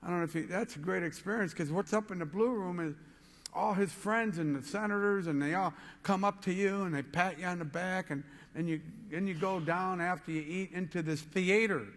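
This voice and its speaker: A man giving a motivational keynote speech, telling an excitable story and rising to shouts. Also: sits high, a little fast, big-room sound. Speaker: motivational speaker.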